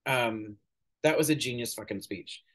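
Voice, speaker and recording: Opinionated man, halting commentary. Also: mid-range voice, a bit bright. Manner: opinionated, hesitant with many ums, swears casually. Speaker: podcast host. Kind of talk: casual political commentary.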